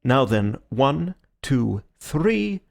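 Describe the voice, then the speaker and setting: A man voicing a calm, theatrical gentleman detective with a measured, courteous manner, in an audiobook reading. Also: medium pitch, vocal fry, heavily acted.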